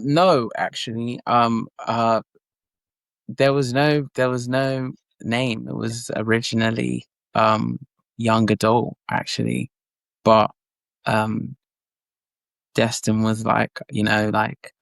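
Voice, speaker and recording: A young man who is an actor, talking casually in an interview with many fillers and lively retellings. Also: medium pitch, slow pace, gravelly, dry recording.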